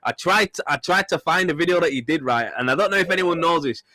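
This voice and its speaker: Chatty man, bright voice. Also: a little high, expressive, fast talker, no room sound. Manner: chatty, swears, laughs at his own stories. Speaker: podcast host. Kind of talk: casual chat.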